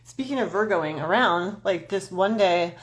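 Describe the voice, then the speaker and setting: With a fairly low, unhurried voice, a woman in her forties rambles through astrology talk on a home livestream. She addresses viewers on camera in a scattered, self-deprecating way and swears frequently.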